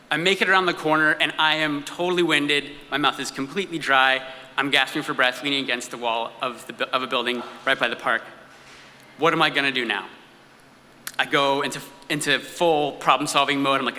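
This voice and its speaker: A man performing a live personal story on stage, telling it in an animated, comic way with acted-out asides. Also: on the high side, a little fast, big-room sound, slight background noise. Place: stage in an event hall.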